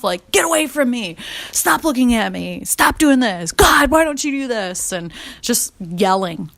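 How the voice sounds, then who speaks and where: A woman's voice: on the low side, fairly bright tone, clean tone. A woman in her thirties telling her personal story in a candid, chatty way, with lots of fillers and some swearing. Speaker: podcast host.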